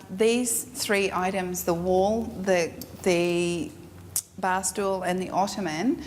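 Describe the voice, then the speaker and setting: A woman teaching a live photography workshop, frank and animated, acting out her clients. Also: lowish voice. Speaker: photography instructor. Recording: echoey room with faint noise.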